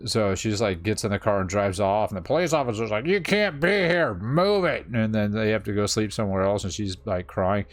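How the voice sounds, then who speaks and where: A man's voice: on the low side, fairly even intonation, fast, few pauses, no echo. A man co-hosting a casual chat, blunt and sarcastic with plenty of swearing.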